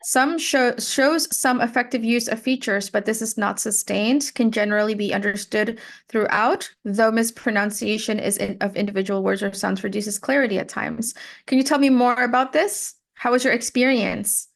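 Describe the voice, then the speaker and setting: A woman's voice: a little high, steady tone, normal speed, vocal fry. A woman tutoring English pronunciation, explaining patiently and modeling words and sentences. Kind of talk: giving spoken feedback in a one-on-one lesson.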